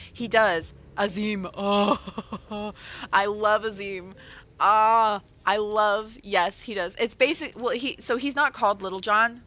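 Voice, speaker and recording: Bright-voiced chatty woman streamer. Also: mid-range voice. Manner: chatty, rambling, self-correcting. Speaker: author livestream host. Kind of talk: casual livestream chat.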